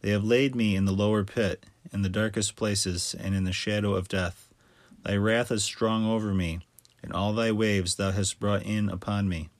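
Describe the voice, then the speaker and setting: A man reading scripture aloud with a measured, steady cadence. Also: lowish voice, no echo. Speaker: scripture reader.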